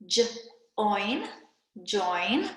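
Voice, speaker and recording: Slow, patient woman teacher, echoey room. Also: medium pitch, very animated, a bit bright, slight background noise. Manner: slow, clear, patient classroom delivery with prompts to pause. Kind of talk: recorded video reading lesson for children.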